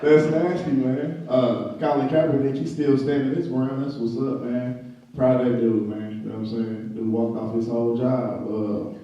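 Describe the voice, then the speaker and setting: A man's voice: mid-range voice, flat delivery, moderate pace, warm tone. Man hosting an open mic, joking with the crowd. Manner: loose, joking, talks to the crowd. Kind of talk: casual crowd banter. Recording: echoey room, far from a dull mic.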